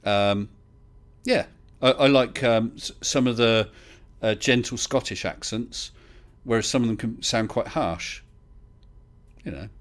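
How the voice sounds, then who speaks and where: Jokey male host on a voice-call stream, ordinary pitch, quick to laugh. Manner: chatty, laughs often, jokey. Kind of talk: casual chat. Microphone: voice chat call.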